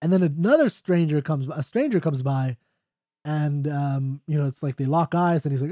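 A man's voice: fairly high pitch, lively intonation, normal speed, mellow, no room sound. A man explaining a poem in a casual lecture, loose and jokey, checking in with "right?" as he goes. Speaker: literature teacher.

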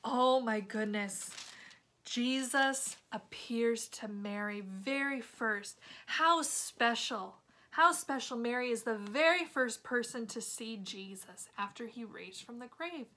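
Woman, children's ministry teacher, high and bright voice, animated and chatty Bible lesson for kids. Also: slow, a little hiss or hum.

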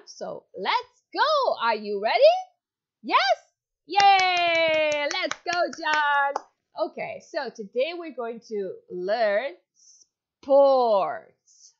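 A woman in her thirties, an ESL teacher, giving a demo online lesson to a child with slow, exaggerated, encouraging speech and lots of praise. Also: fairly high pitch, lo-fi sound. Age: 30s.

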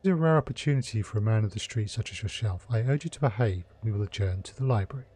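A man's voice: fairly low pitch, animated, warm tone, husky. Man reading as an icy, wealthy elf patriarch. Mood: cold. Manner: icy, measured and commanding. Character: cold, formal, wealthy elf father.

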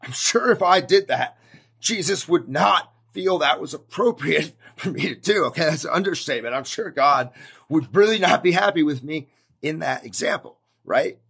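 Male preacher, casual sermon, gravelly and slightly husky, fairly high voice, animated delivery. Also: moderate pace. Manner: conversational, animated, acts out shouted scenes.

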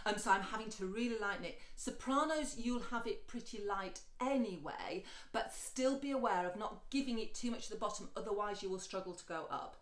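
A woman's voice: animated, fairly quick, few pauses, echoey room. A woman teaching singing, chatty and encouraging, talking straight to the viewer. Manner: switches between speech and light, high sung lines. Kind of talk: singing lesson with sung demonstrations.

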